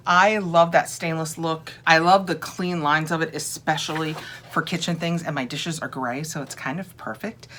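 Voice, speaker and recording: Woman, casual unboxing chat, gushing, slightly low voice. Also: fairly bright tone. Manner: gushing, chatty, thinks aloud. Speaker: home decor unboxing vlogger.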